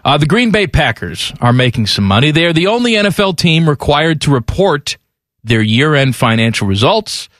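A man's voice: fairly high pitch, very animated, normal speed, a bit bright, dry recording, clean studio sound. Wry male sports radio host. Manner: wry, teasing. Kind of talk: casual radio banter and live ad reads.

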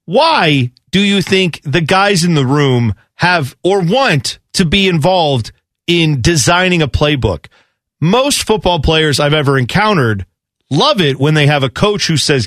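A man's voice: a little high, expressive, measured pace, a bit bright, no echo, studio quality. A man co-hosting sports talk radio, ranting with exasperated emphasis.

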